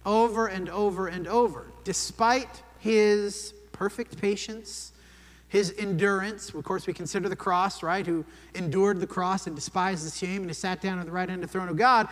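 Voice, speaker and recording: A man's voice: high-pitched, steady tone, normal speed, fairly bright tone. A man preaching a sermon in a conversational way, often checking in with "right?". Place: church sanctuary. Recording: long church hall reverb.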